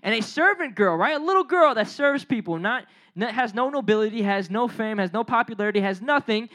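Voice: medium pitch, expressive, fairly quick, a bit bright. A preacher giving a casual, conversational sermon, retelling a Bible story in slang, acting out the characters' lines and putting questions to the listeners. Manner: asks the audience questions and addresses them directly.

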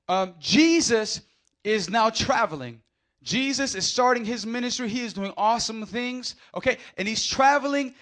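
A male pastor delivers a lively sermon in a high voice. He acts out the people in the story and swings from quiet asides to shouted lines. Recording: audio of a live sermon.

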